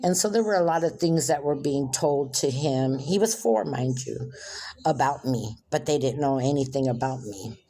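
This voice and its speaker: A woman telling a personal story in a soft, reflective way. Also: rumbling low, moderate pace.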